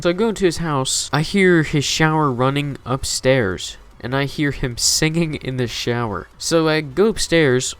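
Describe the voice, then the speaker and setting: A man's voice: medium pitch, clear, resonant tone. A man telling a story to his channel in a loose, rambling way, swearing often and leaning on filler words. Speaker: YouTube storyteller. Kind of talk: casual storytime narration. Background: faint background music.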